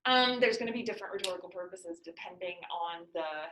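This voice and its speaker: A woman's voice: on the low side, fast, pushed and bright, reverberant, slight background noise, low-quality recording. A woman teacher explaining a lesson to students in a classroom, patient and using everyday examples.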